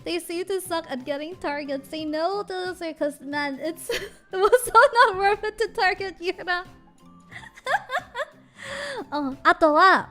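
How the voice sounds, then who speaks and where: High-voiced woman streamer chatting animatedly. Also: measured pace, long pauses, soft background music. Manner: animated, giggly, switches between English and Japanese. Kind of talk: casual livestream chat.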